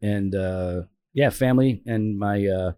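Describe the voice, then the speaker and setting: A man's voice: lowish voice, unhurried, dry recording, studio quality. A man in his forties chatting casually as a podcast co-host, teasing his friend and telling stories with lots of animation. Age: 40s. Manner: animated storyteller, teasing, acts out his own shouting. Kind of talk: casual chat.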